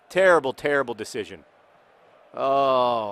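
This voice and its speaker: A man's voice: medium pitch, moderate pace, pauses often, no room sound. A man casually talking while playing a video game, rambling with many fillers and restarts. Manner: bursts into loud excited yelling at the game. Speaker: author and video game player.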